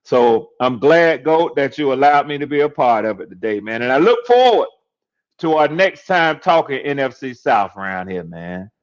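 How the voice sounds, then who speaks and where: A man's voice: mid-range voice, lively intonation, normal speed, highs cut off. An older man talking casually on a podcast panel, laid-back and drawling, often saying "yes, sir.". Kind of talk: casual chat.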